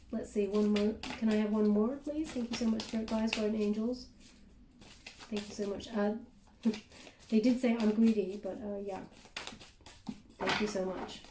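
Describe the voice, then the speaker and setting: Echoey, mellow-voiced woman reading tarot. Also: on the high side. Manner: halting, thinking aloud between cards. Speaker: tarot reader. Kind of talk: casual spoken tarot reading. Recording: roomy echo.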